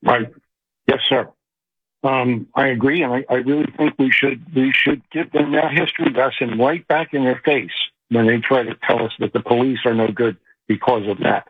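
A man's voice: mid-range voice, steady tone, normal speed, dry recording. A man calling in to a radio show, agreeable and eager. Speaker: caller. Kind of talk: phone call to a radio show. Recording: husky voice over a phone line.

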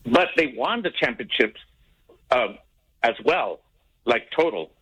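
A man from the San Antonio area calling in to a radio show, talking in a halting way with restarts. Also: medium pitch, lively intonation, bright, forceful tone, husky, poor audio. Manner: halting, repeats himself. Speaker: caller. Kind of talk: casual call-in chat.

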